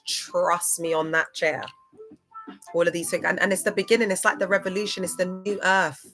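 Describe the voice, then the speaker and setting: A woman's voice: on the low side, steady tone, brisk, pushed and bright, faint music behind. Slangy woman rambling on a livestream. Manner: slangy, chatty, loose and digressive. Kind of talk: rambling livestream talk to viewers.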